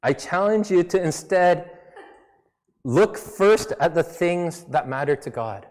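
A man delivers a sermon in an easygoing, conversational manner, speaking English with a slight non-native accent. His voice sits a little high for a man. A long reverb from a church hall trails behind his words. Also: expressive, slow pace, darkish tone. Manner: conversational, self-deprecating preaching with mock voices. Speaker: pastor.

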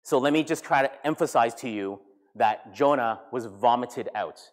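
A man, a pastor, preaching a sermon with animated storytelling and acted-out voices. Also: mid-range voice, normal speed. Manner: animated storytelling, acting out characters.

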